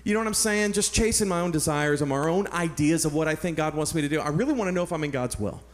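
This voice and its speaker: Earnest storytelling pastor from San Antonio. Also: male voice, fairly high pitch, fast talker. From San Antonio, Texas. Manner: earnest, animated personal storytelling. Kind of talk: sermon storytelling.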